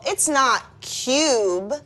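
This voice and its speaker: A woman teacher leads a phonics lesson in call-and-response drills. Her pitch swings widely and brightly as she sounds out letters. She takes her time, slow and deliberate. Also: expressive.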